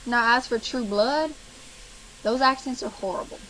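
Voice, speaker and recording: A woman from South Louisiana with a Cajun accent, explaining accents in a relaxed, hesitant way with many ums. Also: fairly high pitch, moderate pace, slight background noise, poor audio. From South Louisiana, USA. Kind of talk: casual explanatory monologue. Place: played from another recording.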